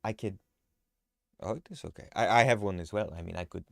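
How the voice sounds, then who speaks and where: A man's voice: sits low, a little fast, creaky, dry recording, clean studio sound. A man voicing an anxious young woman in a tabletop game, rambling and apologizing in a nervous way. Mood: flustered. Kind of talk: tabletop role-play.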